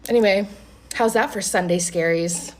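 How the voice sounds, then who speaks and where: Animated, foul-mouthed woman telling a story. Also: mid-range voice, normal speed, heavy background noise. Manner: animated, profane, quoting both sides of a conversation. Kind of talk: casual storytime to camera.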